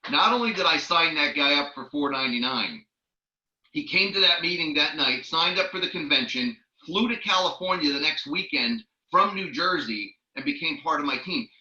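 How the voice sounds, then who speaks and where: Male trainer with a bright, sharp voice who tells lively stories, recorded in an echoey, muffled room. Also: a little high, moderate pace. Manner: lively storyteller who acts out the people he quotes. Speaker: network marketing trainer. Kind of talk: training talk with personal stories.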